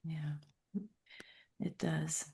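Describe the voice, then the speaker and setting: Soft-spoken woman with a low, gravelly voice. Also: level tone, extremely slow. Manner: gentle, soft-spoken, reads listener comments aloud. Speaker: host of a meditation show. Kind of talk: spiritual group session.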